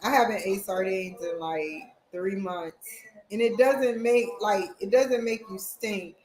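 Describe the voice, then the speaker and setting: A woman's voice: mid-range voice, unhurried, a little mellow, roomy sound, a little hiss or hum, poor audio. A woman vlogging at home, chatting casually and rambling straight to her viewers. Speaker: vlogger, college student. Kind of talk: casual chat to camera. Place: at home, indoors.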